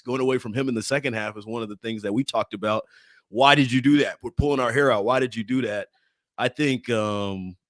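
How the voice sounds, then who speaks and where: Man co-host, lowish voice, dry sound, chatty sports talk. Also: no echo. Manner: chatty, stumbles and repeats words. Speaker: podcast co-host. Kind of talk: casual sports podcast chat.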